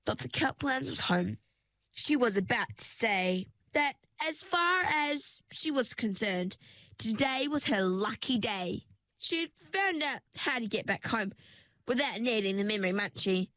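Woman narrator for a storybook, slow pace, mid pitch, dry booth sound. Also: no echo, poor audio. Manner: unhurried, even reading.

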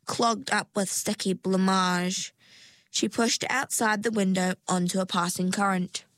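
A woman narrating a storybook in an unhurried, expressive way. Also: mid-range voice, no echo. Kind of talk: storybook reading.

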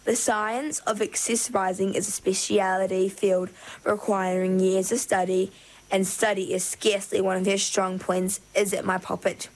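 A woman's voice: mid-range voice, little pitch movement, moderate pace, lightly acted, poor audio. A woman voicing a haughty female mermaid shop owner who talks down to others in a pompous, sugary way, read from a storybook. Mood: condescending. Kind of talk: storybook reading.

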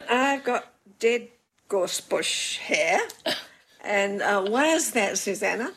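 Older woman, host, casual chat, gravelly, husky, wry, frank. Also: medium pitch, animated, slow pace, a bit bright, low-quality recording. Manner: frank, wry and self-mocking.

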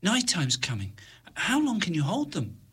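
A man's voice: high-pitched, wildly swooping pitch, normal speed, a bit bright, husky, voice pushed up, heavily acted. A man voicing a concerned young woman who asks anxious questions.

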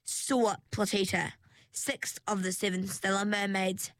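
Unhurried woman reading a storybook. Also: mid-range voice, dry recording. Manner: measured, expressive reading. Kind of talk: storybook narration.

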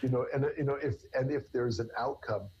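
A man's voice: medium pitch, quick pace, darkish tone, muffled recording, slight background noise. A man, a therapist, explaining in conversation with everyday examples in an earnest way. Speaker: therapist guest. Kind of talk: conversational interview answers.

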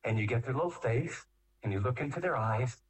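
A man giving a talk on parenting, acting out scenes with voices that swing between high scolding and slow, deep calm. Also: far from the mic, rough recording. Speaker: speaker on parenting. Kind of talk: animated talk with acted-out voices.

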